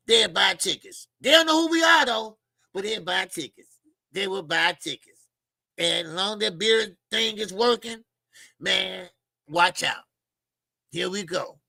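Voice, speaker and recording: On a boxing talk show, the male host delivers a casual, mocking rant, loud and emphatic, with lots of profanity. The audio is dry, carrying his high, creaky voice.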